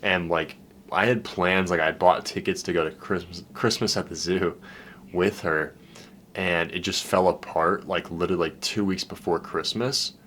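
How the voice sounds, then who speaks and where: This dating coach has a low voice, fairly even intonation, a normal speed and a somewhat bright sound, with a little hiss or hum in the recording. His monologue is casual, candid and full of swearing, with "dude" or "man" in nearly every other line. When he talks about being lonely in the past, he gets heartfelt and emotional.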